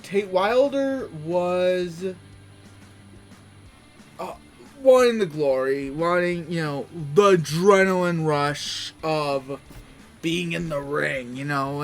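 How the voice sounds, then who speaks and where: A man's voice: on the high side, slow, pauses often, faint music behind. A man giving a casual, rambling wrestling recap, full of fillers and restarts.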